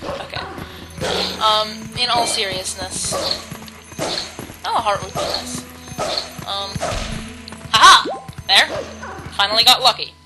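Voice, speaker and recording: A woman's voice: mid-range voice, steady tone, takes it slowly, long pauses, poor audio. A woman giving casual, jokey commentary while playing a video game. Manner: chatty, jokey, self-mocking. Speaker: let's play commentator. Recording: loud game music behind.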